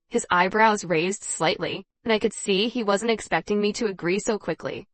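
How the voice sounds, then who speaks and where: A woman's voice: medium pitch, normal speed, hardly any pauses, fairly bright tone, dry recording. Woman reading a first-person drama story.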